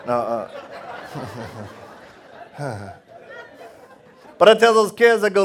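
A middle-aged man preaching a testimony sermon to a live audience, laughing often and swinging from loud outbursts to hushed tones. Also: high-pitched, very animated, takes it slowly, long pauses, a faint crowd.

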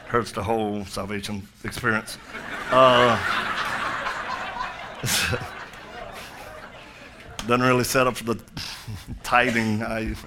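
A man's voice: medium pitch, noisy background. A middle-aged male pastor preaching a sermon, telling a story with jokey asides and then building to fervent appeals.

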